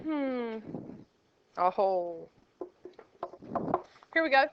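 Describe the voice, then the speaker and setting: A woman leads a math class in a high voice, joking with her students. She talks slowly and leaves room between her questions. The classroom recording sounds dull and lo-fi. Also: animated, noisy background. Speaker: math teacher. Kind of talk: classroom teaching.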